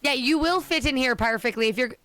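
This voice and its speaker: A woman's voice: high-pitched, a little fast, a bit bright, slight background noise. A woman streaming a game, chatting casually with self-deprecating jokes. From United States. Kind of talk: casual live-stream chat.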